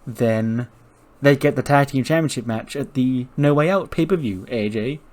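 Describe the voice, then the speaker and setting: Guy doing a brash loud wrestler, cocky talk-show swagger, kinda shouty. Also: mid-range voice, normal speed, natural voice. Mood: scheming. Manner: loud, brash, showman bluster.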